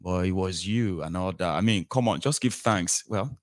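A man's voice: deep voice, normal speed, no echo, studio quality. A man with a Nigerian accent hosting a casual call-in political talk show, mixing in Pidgin and Yoruba phrases.

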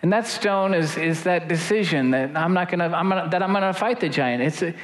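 A middle-aged man preaching a sermon as pastor, rising to loud, high-pitched exhortation and dropping low and slow for storytelling. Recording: echoey room with faint noise.

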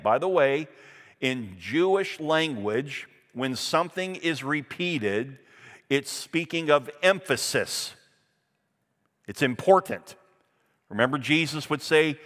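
A man's voice: medium pitch, animated, slow, fairly bright tone, big-room sound. A man preaching a Sunday sermon as pastor, reading scripture aloud and stressing points with emphasis.

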